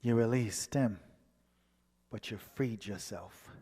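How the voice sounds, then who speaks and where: A man giving a personal testimony as a guest speaker, telling his story and acting out the dialogue, moving from hushed passages to soaring ones. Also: lowish voice, slow, slightly rough. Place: church sanctuary. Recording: long hall reverb.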